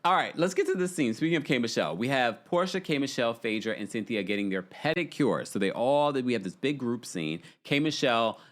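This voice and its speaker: Lively-voiced man recapping reality TV. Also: medium pitch, fairly quick, few pauses. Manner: chatty, reads viewer comments aloud and reacts. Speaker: recap show host. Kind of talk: casual livestream recap chat.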